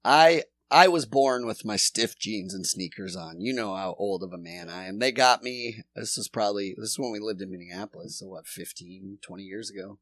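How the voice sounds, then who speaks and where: A man's voice: on the low side, normal speed, few pauses, fairly bright tone, no echo. A man co-hosting a casual podcast, ranting with heavy swearing. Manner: profane, ranting.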